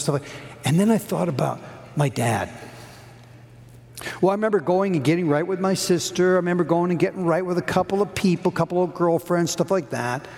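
A middle-aged man preaching a sermon, telling a story earnestly, rising high and dropping to a hush. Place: church hall. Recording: long hall reverb.

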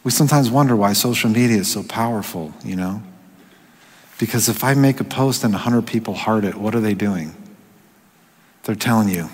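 Husky-voiced preacher guy, chatty sermon, long hall reverb. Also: fairly low pitch, moderate pace. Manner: conversational, drops to hushed whispers for quoted voices.

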